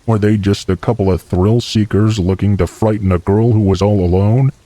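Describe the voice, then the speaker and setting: A man calmly narrating a scripted first-person horror story. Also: on the low side, normal speed, no echo.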